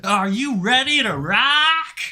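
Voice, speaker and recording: A man voicing a loud, brash, spiky-haired rock frontman who shouts to hype up a crowd. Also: extremely high pitch, lively intonation, slow, voice pushed up, exaggerated voice. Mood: hyped.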